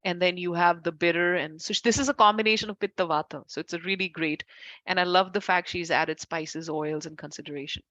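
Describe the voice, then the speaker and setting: A woman's voice: on the low side, steady tone, brisk, no echo. Chatty woman teaching an online class. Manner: chatty, self-correcting, warm asides to students. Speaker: Ayurveda instructor. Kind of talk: informal class lecture.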